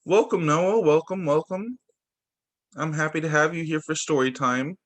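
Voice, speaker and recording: A male teacher reading picture books aloud to children over a video call, animated and expressive. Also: a little high, normal speed.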